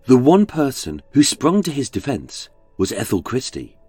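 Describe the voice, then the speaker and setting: A man's voice: mid-range voice, sing-song, moderate pace, darkish tone, husky, no room sound, soft background music. A man with a British accent, narrating a true-crime podcast in a dramatic, darkly wry storytelling manner. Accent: British English.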